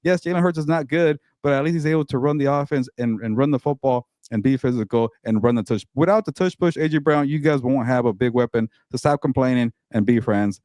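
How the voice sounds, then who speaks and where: A man's voice: mid-range voice, a little fast, few pauses, a little mellow, dry recording, clean studio sound. A man co-hosting a casual sports talk show, ranting in an exasperated, profane way and stumbling over repeated words. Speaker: co-host.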